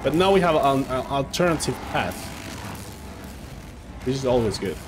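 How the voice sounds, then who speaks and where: A young male streamer reacting out loud as he plays, his pitch swinging up and down. He chats casually with his viewers. Game sounds and noise sit clearly behind him. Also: normal speed. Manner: excitable, chatty, talks to chat. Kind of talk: casual live game commentary.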